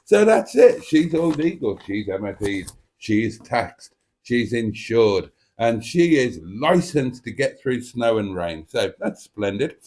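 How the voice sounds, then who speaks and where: A man hosts a live stream, chatting casually and reading viewer comments aloud in a playful, cheeky, theatrical manner. His medium-pitched voice is sing-song, slow, and a little mellow.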